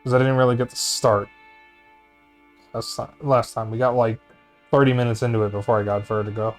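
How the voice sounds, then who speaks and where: A man's voice: medium pitch, flat delivery, fairly quick. A man streaming a video game, talking casually and sounding tired, with the odd swear word. Game music plays steadily under his voice. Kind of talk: casual let's-play chat.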